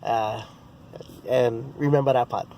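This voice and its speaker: A man's voice: medium pitch, fairly even intonation, slow, warm tone, a little hiss or hum. Rambling man telling a story. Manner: rambling, full of restarts and "you know, bro". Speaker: sports vlogger. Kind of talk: casual storytelling.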